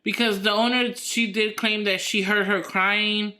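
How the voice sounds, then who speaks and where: A woman's voice: mid-range voice, steady tone, measured pace, bright, forceful tone. A woman co-hosting a podcast in casual chat, rambling through her story with lots of fillers and restarts. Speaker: podcast co-host.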